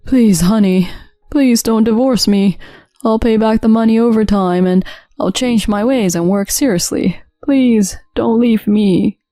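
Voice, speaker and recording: A woman's voice: medium pitch, expressive, moderate pace, no echo, close to an everyday voice. A woman voicing a lying, cheating husband who makes flustered excuses and pleads, read as a storytelling voice-over. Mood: pleading. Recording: dry studio sound with soft music.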